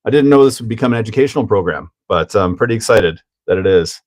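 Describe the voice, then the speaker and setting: A man's voice: fairly low pitch, expressive, fast, a little mellow. A man hosting a hobby livestream in casual chat, joking, laughing often and answering chat as he builds a kit.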